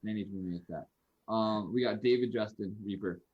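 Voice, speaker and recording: A man's voice: lowish voice, fairly quick. A man on a casual podcast chat, talking in an easygoing, upbeat way. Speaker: guest general. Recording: dull lo-fi audio.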